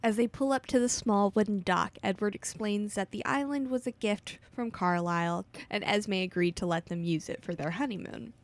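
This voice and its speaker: A woman co-hosting a podcast, retelling a novel's plot in steady narration with short reactions to her co-host. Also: medium pitch. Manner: steady storytelling recap with quick reactions. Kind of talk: casual chat and book recap.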